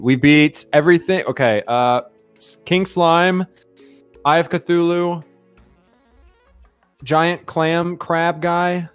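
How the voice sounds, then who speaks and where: This is an excitable young man hosting a live game stream. He chats fast and loosely, jumping between the game and his viewers. There is faint music under his voice. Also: fairly low pitch. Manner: excitable, chatty, greets viewers rapidly. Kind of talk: casual live-stream chat.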